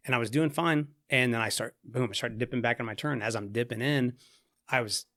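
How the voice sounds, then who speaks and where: A man's voice: medium pitch, fairly quick, bright, forceful tone, dry recording. A man with a mid-range voice tells a story on a podcast in a loose, rambling way, full of "like" and "you know" and casual swearing. His voice is recorded close and dry. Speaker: podcast guest.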